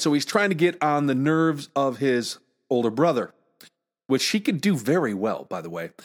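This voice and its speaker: A man's voice: medium pitch, fairly bright tone. A middle-aged man hosting a solo podcast, telling stories in a chatty way with many fillers and restarts. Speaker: podcast host. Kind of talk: casual solo podcast monologue.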